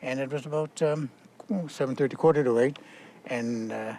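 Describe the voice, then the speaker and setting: An older man, a war veteran, recounting his memories outdoors in a halting way, with many fillers and restarts. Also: mid-range voice, vocal fry, a little mellow.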